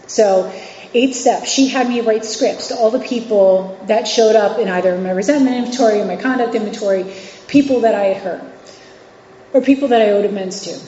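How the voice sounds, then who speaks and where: Speaking a little fast, this woman has a medium-pitched, warm voice over a faint hiss or hum. She's in her forties, from New York City and Virginia, and gives an open, chatty recovery share as a guest speaker, often using fillers and starting over. It was recorded in a meeting hall with echo and a dull, lo-fi quality.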